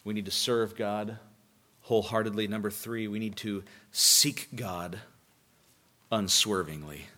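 A man's voice: on the low side, fairly even intonation, unhurried, pushed and bright. Emphatic male preacher delivering a sermon. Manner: emphatic, repeats key lines for emphasis. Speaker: pastor.

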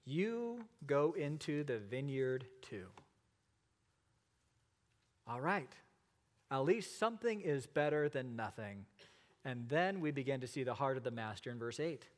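A middle-aged male pastor preaching a sermon, asking rhetorical questions and pausing for effect. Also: medium pitch, big pitch swings, in a large hall. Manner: expository preaching with rhetorical questions and dramatic pauses.

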